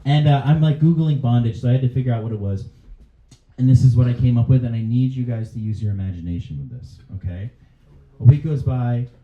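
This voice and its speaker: Fast and mid-range, this male comic works a club crowd, talking with them and cracking himself up at his own jokes. Faint laughter from the audience sits under a dull, roomy live recording.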